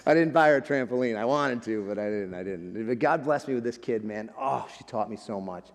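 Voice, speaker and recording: A man's voice: medium pitch, fairly quick, hardly any pauses, a little hiss or hum. A male guest speaker giving an emotional, conversational sermon in a church, often calling the listeners "friends" and "man". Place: church sanctuary. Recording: long reverb of a large hall.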